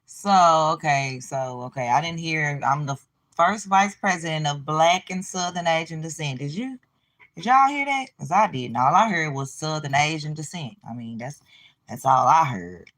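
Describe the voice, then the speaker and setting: A woman talks back at the clips she plays on her reaction stream. Her tone is sarcastic and exasperated, and it jumps into loud outbursts. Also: low-pitched, normal speed. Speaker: vlog host. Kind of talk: casual reaction commentary.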